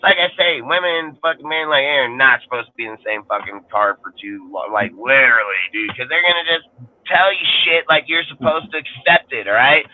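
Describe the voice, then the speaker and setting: A man's voice: mid-range voice, fairly quick. A man ranting on a sports podcast panel, swearing constantly and rambling heatedly in casual talk. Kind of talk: profane casual rant. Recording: tinny phone-like line.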